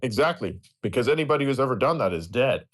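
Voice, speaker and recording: Husky man ranting with lively pitch. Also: fast talker. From Europe. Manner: profane, animated ranting with laughter. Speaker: host. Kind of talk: casual chat.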